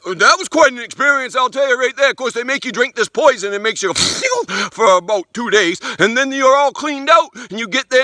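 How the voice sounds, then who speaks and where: Male comedian as an old country codger, very high and pinched, rambling and crude. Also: sharp tone, no room sound, exaggerated voice. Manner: rambling, folksy, crude, stumbling restarts. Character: rambling crude old rural man, folksy storyteller. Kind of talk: comic monologue in character.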